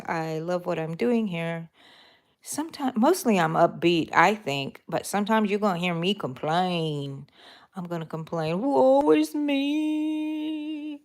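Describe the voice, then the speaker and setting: A woman's voice: fairly low pitch, creaky. A middle-aged woman, chatting casually with live viewers while she crochets. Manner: chatty, laughing, talks to viewers. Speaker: crochet vlogger.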